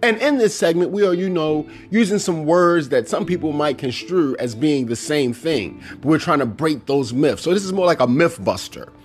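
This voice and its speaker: A man's voice: on the high side, normal speed, hardly any pauses, faint music behind. A middle-aged man hosting a casual solo podcast, talking animatedly and acting out movie lines. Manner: animated, quotes movie lines in put-on voices. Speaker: podcast host.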